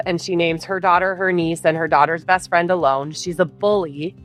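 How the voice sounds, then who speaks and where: A woman's voice: on the low side, fairly even intonation, normal speed, fairly bright tone, faint music behind. Middle-aged woman retelling a tense ordeal. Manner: intense, retelling heated quarrels with quoted dialogue. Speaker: guest telling her story. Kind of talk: podcast interview storytelling.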